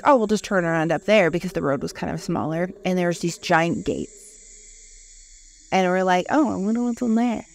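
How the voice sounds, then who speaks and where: Low-leaning and creaky, this woman's voice belongs to a podcast co-host in her thirties. In a casual chat she animatedly relays an eerie personal story, swearing without restraint and acting out people's lines.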